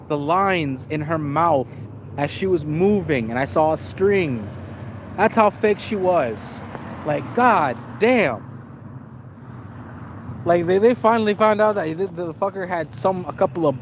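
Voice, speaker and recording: A man's voice: high-pitched, takes it slowly, a little hiss or hum. Profane, slangy young streamer guy. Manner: profane, animated and slangy, with stammered restarts. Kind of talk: casual live-stream storytelling.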